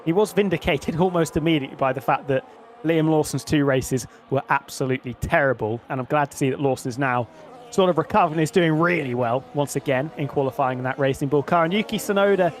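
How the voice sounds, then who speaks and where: A man's voice: on the high side, a little hiss or hum. A man co-commentating a sim race, chatty and opinionated as he trades views with the lead caller. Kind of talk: sim racing colour commentary.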